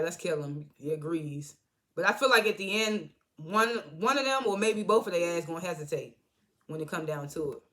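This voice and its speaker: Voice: mid-range voice, fairly bright tone. A TV reviewer giving a loose, slangy recap of an episode, acting out the characters' lines and laughing often.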